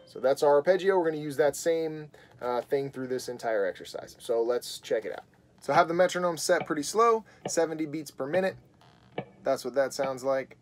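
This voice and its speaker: Man giving a relaxed guitar lesson. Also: on the high side, moderate pace. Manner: relaxed explaining with frequent fillers. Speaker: guitar teacher. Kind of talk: casual video guitar lesson.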